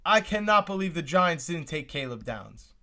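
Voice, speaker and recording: A young man runs a live stream reacting to the draft, exclaiming and repeating himself as he chats with viewers. His voice is slightly high with big pitch swings, a moderate pace, and a pushed, bright quality.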